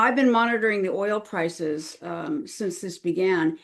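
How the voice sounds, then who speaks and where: A woman speaking as a guest on a podcast interview, chatty and earnest, with frequent fillers and restarts. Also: lowish voice. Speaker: crisis management consultant, podcast guest.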